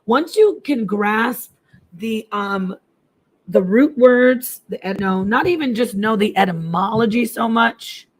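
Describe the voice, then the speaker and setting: A woman in middle age talks casually to her live-stream viewers, her voice sitting a little higher than most. She is chatty and jumps between languages as she answers comments. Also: expressive, slow pace. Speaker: livestream host.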